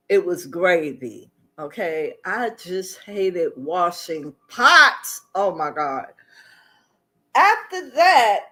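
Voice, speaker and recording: A woman's voice: on the high side, a bit bright. A woman hosting a casual livestream who talks to her chat, reads the comments aloud and laughs often. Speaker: livestream host.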